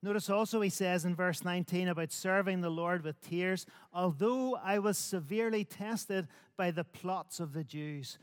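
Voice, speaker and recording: A man preaching a sermon in measured, emphatic phrases built on repetition. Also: sits high, smooth, in a large hall. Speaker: pastor.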